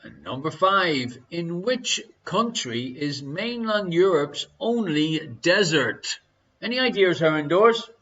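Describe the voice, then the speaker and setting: A man's voice: a little high, expressive, slow pace, sharp tone, lo-fi sound. An Irish man hosting a live online quiz from his living room, reading questions and answers with a jokey, chatty manner. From Ireland. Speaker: quiz show host.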